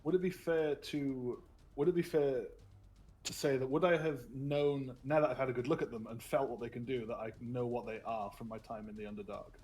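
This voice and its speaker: A man's voice: mid-range voice, fairly even intonation, a little fast. A man playing a tabletop role-playing game, casual and playful, laughing often and rolling dice aloud. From United Kingdom. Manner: playful, laughing, bursts into loud hammy in-character shouts. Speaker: player. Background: faint music.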